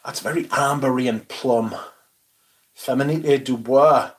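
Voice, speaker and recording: A man's voice: medium pitch, measured pace, husky. A man from northeast England with a Northumbrian accent, chatting casually and bluntly on a livestream, swearing freely and answering chat. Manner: profane, blunt, reading chat aloud. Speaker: livestream host.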